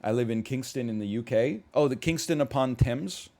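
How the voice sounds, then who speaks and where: A man in a relaxed live-stream chat, answering his chat as he goes. His voice sits at an ordinary middle pitch but leaps up when something gets him going, and he wanders off on tangents and rambles through asides. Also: normal speed. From Canada.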